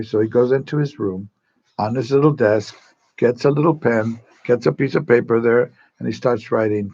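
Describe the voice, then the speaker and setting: Gravelly-voiced priest telling a joke. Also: male voice, medium pitch, normal speed, darkish tone, highs cut off. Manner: rambling, chatty, repeats words as he tells a joke. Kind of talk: storytelling on a TV talk show.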